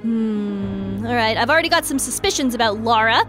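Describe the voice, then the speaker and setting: A woman hosting a game playthrough, commentating in a bubbly, excitable, giggly way. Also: a little high, normal speed, faint music behind. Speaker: gaming video host.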